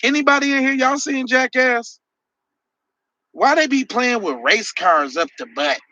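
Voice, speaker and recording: A man's voice: very high-pitched, measured pace, bright, forceful tone, no room sound, dull audio. A man hosting a podcast livestream, answering chat messages with sarcastic, mocking rants. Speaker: podcast host reading live chat. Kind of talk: heated livestream commentary.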